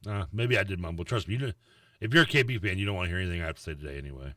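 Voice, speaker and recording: A man's voice: deep voice, racing, pushed and bright, dry recording, recorded from a distance. A man co-hosting a casual sports radio show, complaining with sarcastic exasperation.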